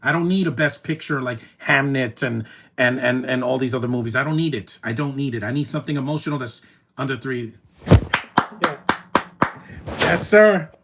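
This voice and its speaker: A man's voice: mid-range voice, fast talker, a little hiss or hum. Emotional man reacting on a live stream. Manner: emotional, rambling, with many "man" tags; soft-spoken, with sudden loud taunting outbursts.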